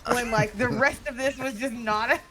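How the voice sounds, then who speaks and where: A woman's voice: on the high side, moderate pace, background noise. Giggly young woman spinning a tale. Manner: giggly, animated storyteller. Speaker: streamer's guest player. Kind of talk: casual gaming chat, improvised storytelling.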